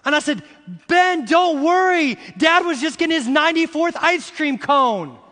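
A middle-aged man preaching a sermon, repeating phrases slowly for emphasis and rising into shouts as he addresses the congregation. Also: very high voice, lively intonation, big-room sound. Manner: uses "y'all" and "see" to address the congregation. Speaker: pastor.

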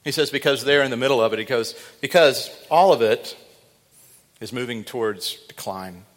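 A middle-aged male pastor preaching a sermon, moving between quiet, low asides and loud, fervent exhortation. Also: moderate pace. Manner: dynamic preaching, swinging from hushed to loud and fervent. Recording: long reverb of a large hall.

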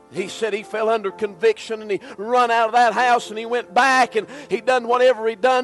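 A male preacher with a drawl, his voice pitched strikingly high as he prays and preaches with fervor. He swings from hushed pleading to shouting during a church service, with faint music underneath. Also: low-quality recording. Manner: fervent, rising to shouts. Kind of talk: impassioned prayer and sermon.

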